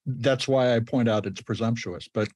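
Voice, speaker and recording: A man's voice: mid-range voice, normal speed, darkish tone, breathy edge, dry recording, studio quality. A man hosting a podcast, asking earnest questions and murmuring agreement as his guest talks. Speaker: podcast host. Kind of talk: interview conversation.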